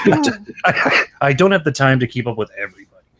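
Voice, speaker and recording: A man's voice: mid-range voice, huge pitch swings, a little fast, a bit bright. A man hosting a livestream, chatting casually and telling loose, profane stories. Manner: loose, profane storytelling with frequent laughs. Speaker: streamer hosting a live chat.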